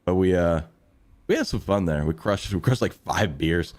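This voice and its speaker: A man's voice: low voice, expressive, darkish tone. A man hosting a live sports talk show, telling trip stories with laughs and greeting viewers. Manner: laughing, storytelling, quick asides. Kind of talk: casual sports chat.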